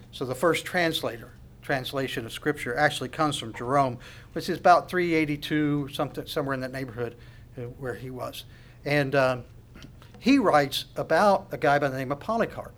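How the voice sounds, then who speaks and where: A man preaching a sermon with passion, dropping to hushed asides and building to loud declarations. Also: medium pitch. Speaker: pastor.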